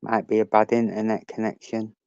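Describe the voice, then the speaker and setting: A man's voice: on the low side, completely flat delivery, fairly quick, warm tone, smooth, no echo, dull audio. A man hosting a casual live stream, chatting with viewers and greeting them by name.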